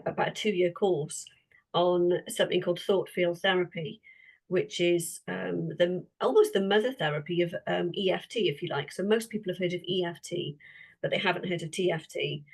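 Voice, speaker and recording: A woman with a Welsh accent, a therapist and interview guest, telling a story in a lively way and acting out the dialogue. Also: lowish voice, moderate pace, creaky, breathy edge, rough recording. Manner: lively, acts out quoted dialogue.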